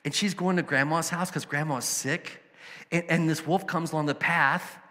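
A man's voice: fairly high pitch, fairly even intonation, moderate pace, pushed and bright, in a large hall. A man preaching a sermon as a pastor, conversational and storytelling, with emphatic asides.

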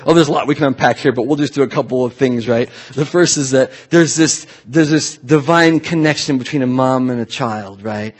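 Casual, lively preacher man. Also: mid-range voice, brisk, few pauses. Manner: casual, animated preaching with restarts and bursts of shouting. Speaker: pastor. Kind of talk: sermon.

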